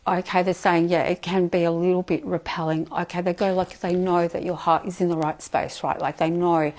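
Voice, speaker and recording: A woman's voice: fairly low pitch, steady tone, a little fast. A woman channeling before a live audience, who switches between flowing chant-like syllables and casual, filler-heavy explanations of the messages she relays. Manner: alternates flowing invented-sounding chant syllables with chatty plain explanation; relays messages with frequent "like" and "they're going".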